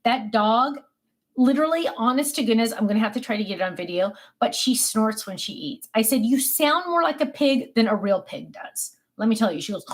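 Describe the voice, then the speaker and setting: Her intonation lively and her pace fairly quick, a middle-aged woman streams from her home office for her craft channel. She rambles through viewer comments with many ums and calls to her dogs in a high sing-song.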